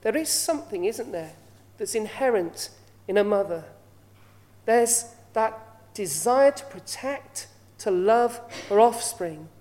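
A woman's voice: mid-range voice, lively intonation, slow, dark tone. A woman preaching a sermon, often asking her listeners rhetorical questions.

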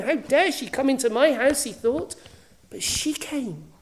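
A woman preaching a sermon, earnest, often dropping to a hushed voice. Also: a little high. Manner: earnest, drops to a hushed voice for quoted invitations.

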